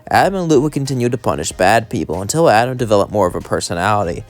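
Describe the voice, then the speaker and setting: A man's voice: on the low side, very animated, rapid-fire. A man narrating a home-made fan story in a casual, rambling way. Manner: rambling, loosely strung sentences.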